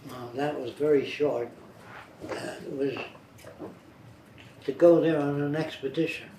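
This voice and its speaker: A man's voice: fairly high pitch, fairly even intonation, unhurried, dark tone. An older man being interviewed, telling blunt, rambling life anecdotes. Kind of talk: biographical storytelling. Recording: roomy, distant, faint noise.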